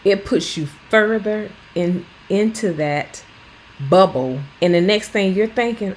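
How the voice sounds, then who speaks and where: A woman in her fifties with a mid-range, darkish voice talks at normal speed while cleaning her home for a lifestyle vlog. She's earnest and plainspoken to the point of bluntness, and the rough recording carries a little hiss or hum.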